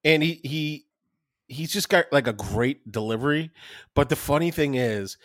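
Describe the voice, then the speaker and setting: Man, co-host, casual chat, swears a lot, higher pitch, dry mic. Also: moderate pace, no echo. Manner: profane, excitable, swears constantly. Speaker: podcast co-host.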